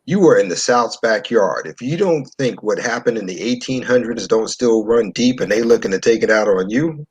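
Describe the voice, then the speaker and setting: A man from New York in casual discussion, an animated storyteller who repeats himself. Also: mid-range voice, normal speed, slightly rough.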